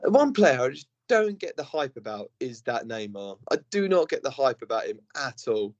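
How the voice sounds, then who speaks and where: A man's voice: mid-range voice, sing-song, moderate pace, highs cut off. A man co-hosting a casual football podcast over a call, laughing often and joking around. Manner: laughs often, does silly impressions. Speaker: podcast co-host.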